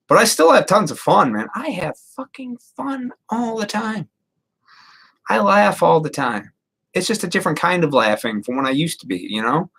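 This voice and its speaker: A man's voice: medium pitch, a bit bright. A man in his thirties rambling casually and profanely to viewers on a live stream. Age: 30s.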